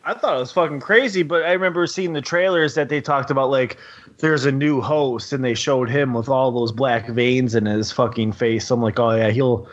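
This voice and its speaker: A man's voice: mid-range voice, fairly even intonation, moderate pace, lo-fi sound. A man co-hosting a casual podcast, joking crudely and swearing freely. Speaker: podcast co-host. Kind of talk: casual chat.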